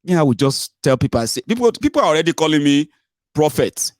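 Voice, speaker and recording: Scornful Nigerian man ranting, pitch swinging. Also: very animated, fast talker, no room sound, clean studio sound. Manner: scornful, switches between English, Yoruba and pidgin; swings from low grumbling to loud high outbursts. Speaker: political commentator. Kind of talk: ranting political commentary.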